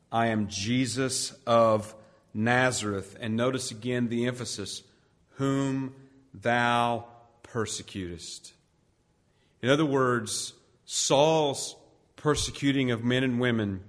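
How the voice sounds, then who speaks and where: A male pastor preaching a sermon with emphatic, drawn-out stresses, dropping his voice low when he quotes scripture, recorded in a church sanctuary. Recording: church hall with long reverb.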